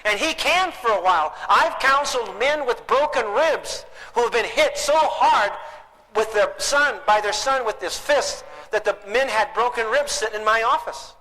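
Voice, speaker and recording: A man's voice: very high voice, normal speed, sharp tone. An older man giving a parenting talk to an audience, telling folksy stories with joking asides. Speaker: parenting speaker. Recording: echoey hall recording.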